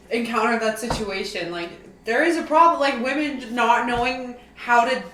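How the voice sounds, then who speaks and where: A woman's voice: fairly high pitch, unhurried, fairly bright tone. A woman co-hosting a podcast in casual chat, mostly giving short agreeing replies and laughing along. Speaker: podcast co-host. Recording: echoey room, distant mic, faint noise.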